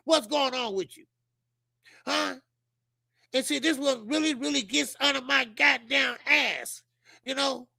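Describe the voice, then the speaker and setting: A man's voice: very high-pitched, measured pace, creaky, pauses often, pushed and bright, dry recording. A man hosting a boxing channel livestream, talking bluntly and profanely, repeating himself with many fillers. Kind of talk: casual livestream commentary.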